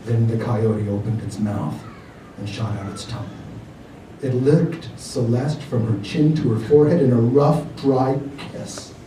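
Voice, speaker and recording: A man reads his own fiction aloud in a mellow, warm tone, measured and expressive. The sound is roomy, with echo from a library hall. He sits back from the mic, with faint noise behind. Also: medium pitch, recorded from a distance. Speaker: author reading his work. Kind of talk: live reading of fiction. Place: library reading room.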